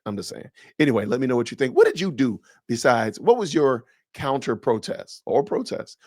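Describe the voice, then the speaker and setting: A man's voice: medium pitch, sing-song, brisk, hardly any pauses, a little mellow, breathy edge, no echo, clean studio sound. A man hosting a podcast, reacting to a clip with incredulous, sarcastic rhetorical questions. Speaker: podcast host. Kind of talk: reaction commentary.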